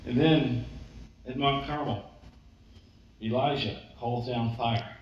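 A man teaching a sermon in a relaxed storytelling way, acting out the lines he quotes. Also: mid-range voice, slow, a little hiss or hum. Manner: conversational storytelling, acts out quotes. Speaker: preacher. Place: church. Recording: distant mic, echoey church hall, dull.

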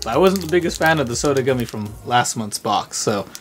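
A woman's voice: extremely low pitch, animated, a little fast, slight background noise. A woman co-hosting a casual snack taste-test, chatty and teasing. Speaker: co-host of an unboxing channel.

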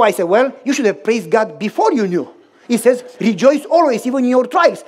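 A pastor with a Romanian accent, a non-native English speaker, preaching a sermon and telling a story with animated, acted-out dialogue. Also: male voice, extremely high pitch, a little fast, slightly rough. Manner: animated, acts out dialogue in shifting voices.

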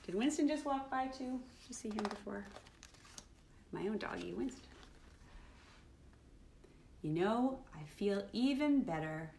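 A middle-aged woman hosting a children's livestream, reading a picture book aloud at home in a playful, animated way and acting out the feelings. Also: medium pitch, unhurried, creaky, pauses often, a little hiss or hum. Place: at home, live streaming.

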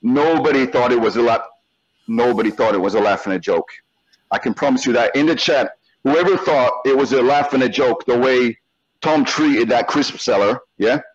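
A man's voice: mid-range voice, normal speed, lo-fi sound. A man confronting a guest on a live stream, taunting him and repeating the same question over and over. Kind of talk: heated live stream argument.

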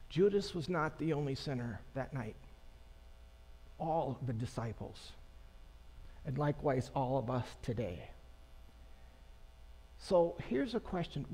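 Slow-preaching man in an echoing church. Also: a little high, lively intonation, creaky, a little mellow. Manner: conversational, unhurried preaching with pauses and asides to the congregation. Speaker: pastor. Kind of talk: sermon. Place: church sanctuary. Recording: long church reverb.

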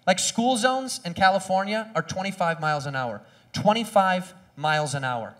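A man in his thirties performing a stand-up comedy set on stage, animated, acting out quoted voices and shouting punchlines. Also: sits high, normal speed.

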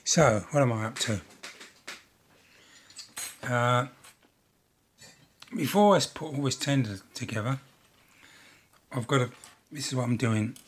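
A man's voice: medium pitch, unhurried, long pauses, a little hiss or hum. An older man chatting casually as he narrates building a model railway kit, rambling and self-deprecating.

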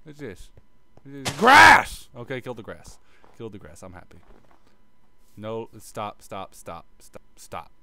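A man's voice: on the low side, expressive, moderate pace, long pauses. A man giving a casual gameplay tutorial, muttering and swearing as he plays and humming little sound effects like "bop bop" under his breath. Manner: offhand, self-mocking tone. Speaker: gaming video creator.

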